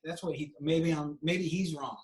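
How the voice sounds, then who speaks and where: A man's voice: on the high side, steady tone, normal speed, low-quality recording. A man talking casually as a podcast guest on a call, rambling with restarts and turning playful when he jokes. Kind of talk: casual video call chat.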